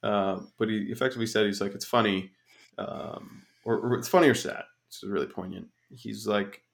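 A man's voice: on the low side, steady tone, moderate pace, vocal fry. A man co-hosting a podcast, chiming in with short agreements and then making his own point. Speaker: podcast co-host. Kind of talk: casual podcast chat.

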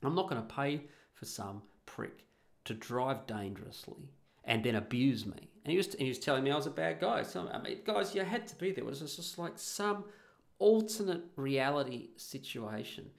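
Middle-aged male storyteller; gravelly, emphatic, sweary, blunt casual delivery. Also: medium pitch, expressive, moderate pace. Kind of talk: casual anecdote to an audience.

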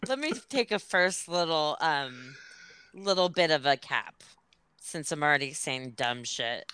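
A woman's voice: deep voice, lively intonation, unhurried, sharp tone, clean tone. A woman hosting a podcast in casual chat, rambling and laughing as she cuts herself off. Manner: rambling, laughing, self-interrupting. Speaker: podcast host.

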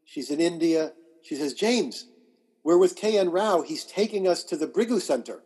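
A man being interviewed as a guest astrologer and author, telling animated anecdotes and acting out the quotes. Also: a little high, moderate pace, slightly rough. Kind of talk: conversational storytelling.

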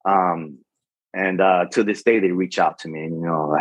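A man in his forties with a very low, husky voice, speaking as a guest on a podcast. He talks in an earnest, motivational way, stumbling over restarts and fillers. The sound is dry and a little muffled. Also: fairly even intonation, normal speed, no echo. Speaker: retired Navy chief, podcast guest. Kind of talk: casual interview talk. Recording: dull, muffled podcast audio.

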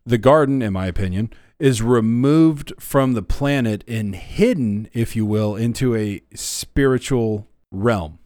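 A man's voice: medium pitch, measured pace, hardly any pauses, a little mellow, no echo, studio quality. A man co-hosting a podcast Bible study, retelling scripture scenes in plain words with some fillers. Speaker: co-host, former youth minister. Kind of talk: conversational Bible study discussion.

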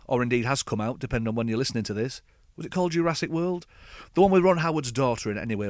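A man's voice: mid-range voice, no room sound. Sardonic man ranting dryly. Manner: sardonic, dry storytelling. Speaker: podcast host. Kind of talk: scripted comic rant.

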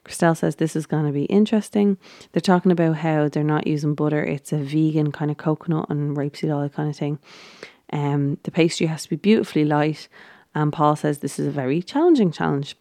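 A woman's voice: low voice, little pitch movement, fairly quick, warm tone, no room sound, clean studio sound. A woman casually recapping a baking show, chatty and giggly, with lots of ums and restarts.

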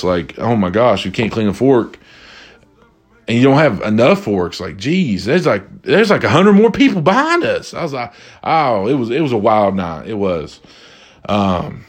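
A man telling a casual story to viewers, animated and exasperated, rambling and repeating himself. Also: lowish voice.

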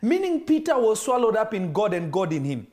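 A man preaching a sermon in an animated way, acting out dialogue between the figures he describes. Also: sits high, a little fast. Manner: animated, acts out dialogue in varied voices.

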